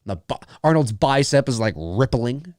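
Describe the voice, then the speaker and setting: A man's voice: mid-range voice, sing-song, moderate pace, a little mellow, no echo, clean studio sound. A man hosting a live movie commentary, talking casually in a rambling, chatty way, laughing often and swearing freely.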